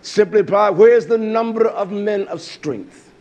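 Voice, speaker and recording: A man preaching a fiery sermon, swinging from loud outbursts to low murmurs, with a husky voice. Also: unhurried, muffled recording.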